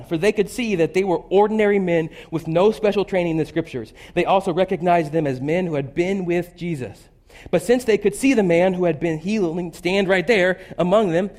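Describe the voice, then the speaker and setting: A man's voice: high voice, darkish tone. A man preaching a conversational sermon, loose and chatty, acting out quotes in shifting voices. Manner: loose and chatty, with fillers like "like" and "basically".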